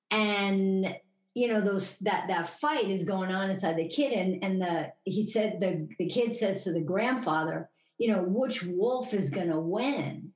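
Rambling woman co-host, echoey room. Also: mid-range voice. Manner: rambling, halting restarts, upbeat. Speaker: podcast co-host. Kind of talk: casual chat.

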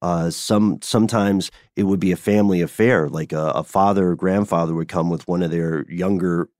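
A man's voice: low voice, fairly even intonation, moderate pace, darkish tone, dry recording, studio quality. A man co-hosting a podcast, telling a history story in a conversational, playful way. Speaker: podcast co-host. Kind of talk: casual chat.

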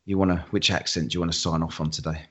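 A man's voice: low-pitched, flat delivery, fast talker, a bit bright, breathy edge. A man hosting a podcast in casual chat, teasing his co-host and swearing freely.

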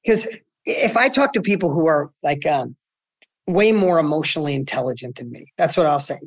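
A man's voice: brisk, no room sound. Male guest, emphatic motivational storyteller, dry close sound. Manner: emphatic, storytelling, animated pitch swings. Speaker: guest entrepreneur. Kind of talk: motivational interview talk.

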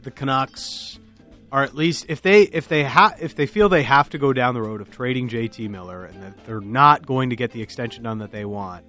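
A man co-hosting a casual podcast chat, giving opinions in a measured way with some restarts. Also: mid-range voice, bright, forceful tone, soft background music. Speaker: podcast co-host, hockey analyst.

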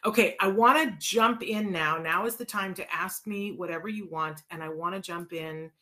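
A woman hosting a show, telling personal stories and answering listener questions in a casual, expressive way, with many fillers and restarts. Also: fairly low pitch, normal speed.

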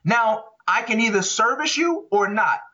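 A man's voice: high-pitched, lively intonation, measured pace, pushed and bright. A man co-hosting a podcast, arguing his views in passionate, emphatic casual talk. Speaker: podcast co-host. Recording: dull lo-fi audio.

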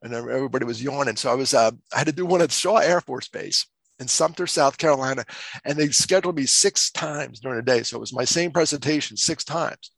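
A man telling stories on a podcast as guest, animated and acting out quotes in other voices. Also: mid-range voice, fast talker, gravelly, husky, no room sound. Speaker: guest speaker. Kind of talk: casual storytelling.

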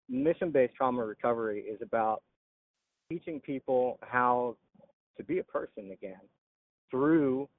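A veteran telling his story in an interview, halting with frequent "uh" pauses. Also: fairly low pitch. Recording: tinny phone-like line.

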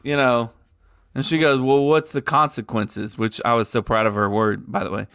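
A man co-hosting a podcast in casual banter, cursing freely and ranting loudly when worked up. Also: fairly low pitch, brisk, a little hiss or hum. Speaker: podcast co-host.

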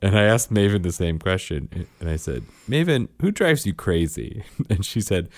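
Man, co-host, low voice with big swings, chatty anecdotes, laughs a lot. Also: normal speed, no echo, clean studio sound. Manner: animated storyteller, laughs often. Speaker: podcast co-host. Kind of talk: casual chat.

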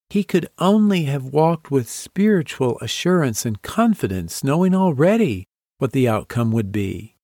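A man's voice: medium pitch, a little mellow, no echo, studio quality. A man hosting a devotional podcast, teaching through a Bible story in a reflective way and asking listeners to picture themselves in it. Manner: reflective, asks the listener to imagine the scene.

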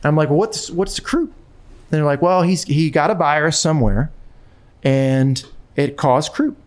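A man in casual conversation, telling a personal story in an animated way with frequent restarts and repetitions. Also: on the high side, unhurried, smooth.

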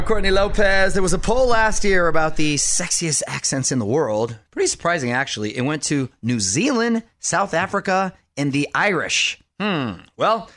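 A man hosting a radio show, talking in an energetic, quick and playful way. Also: fairly high pitch. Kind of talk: upbeat radio chat and show links.

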